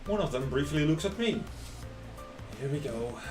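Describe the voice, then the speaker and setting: A man's voice: on the high side, expressive, normal speed, a little mellow, roomy sound, faint music behind. A man streaming live, reading a visual novel aloud in a dry, wry first-person voice.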